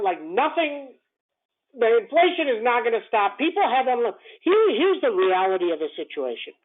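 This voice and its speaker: A man giving a morning stock-market call, blunt and repetitive, full of rhetorical questions. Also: sits high. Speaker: stock trading commentator. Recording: tinny phone-line sound.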